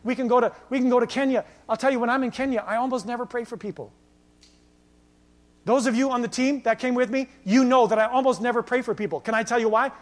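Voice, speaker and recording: A male pastor preaching a sermon, swinging between loud exhortation and quiet storytelling. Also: very high-pitched, fairly even intonation, fast talker.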